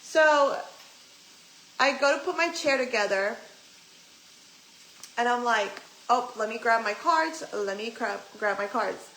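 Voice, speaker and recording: A woman's voice: on the high side, animated, slow, long pauses, a bit bright. A young adult woman vlogger telling a story in casual chat, ranting and swearing freely as she retells what people said. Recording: echoey room, faint background noise.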